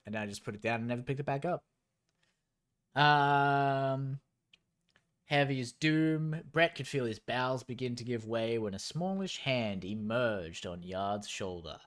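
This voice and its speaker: A man reads a novel aloud on stream and keeps stopping to mock it with dry sarcasm. He talks at an unhurried, drawn-out pace and wanders off into long, rambling tangents. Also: medium pitch, a bit bright. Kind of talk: reading aloud with sarcastic commentary.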